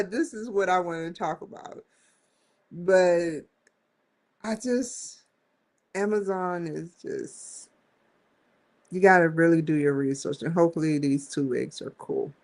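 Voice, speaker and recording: A woman's voice: on the low side, a little slow. A woman hosting a casual live stream, rambling and slangy, often giggling as she talks. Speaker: host.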